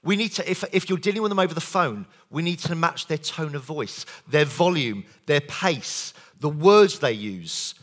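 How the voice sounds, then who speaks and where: A man delivers a sales-training keynote at a conference, his voice pitched a little high and swinging widely as he talks. He keeps the crowd involved with show-of-hands questions and quick asides. The tone is energetic and conversational. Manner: animated, engages audience with show-of-hands questions and jokes. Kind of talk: lively conference keynote talk. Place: conference hall.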